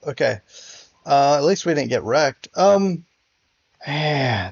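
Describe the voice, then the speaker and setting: A man's voice: fairly high pitch, lively intonation, slow, gravelly, long pauses, slightly rough, no echo, muffled recording. A man casually commentating a strategy game, hesitant and frustrated, with many fillers and restarts. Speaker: gameplay commentator.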